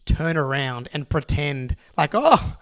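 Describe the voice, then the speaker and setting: A young Australian man, co-host of a podcast, telling a long story in an excitable, rambling way with lots of restarts. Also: mid-range voice, fairly quick, no echo. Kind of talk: casual storytelling.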